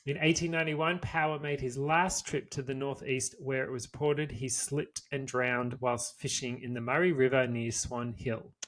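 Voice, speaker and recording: Male podcast co-host, mid-pitch voice, reads from notes, loose and swears freely. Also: steady tone, normal speed, few pauses, fairly bright tone. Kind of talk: reading a history story aloud, then casual chat.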